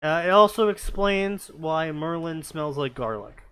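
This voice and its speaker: This fanfiction co-host has a fairly high, fairly bright voice that is clear and resonant, and he talks a little slowly but expressively. Chatting comedically with friends, he rambles, cracks jokes, and puts on silly voices.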